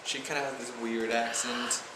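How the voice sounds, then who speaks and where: Halting young man with a Spanish accent. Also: mid-range voice, little pitch movement. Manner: halting, many restarts and "like" fillers. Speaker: student vlogger. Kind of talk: casual vlog chat. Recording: roomy echo with faint noise.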